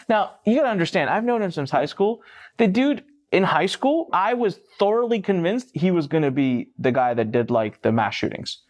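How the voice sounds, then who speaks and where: Animated man telling a story. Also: high-pitched, moderate pace. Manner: animated, swears freely, acts out voices. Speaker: guest, entrepreneur. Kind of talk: casual anecdotal storytelling.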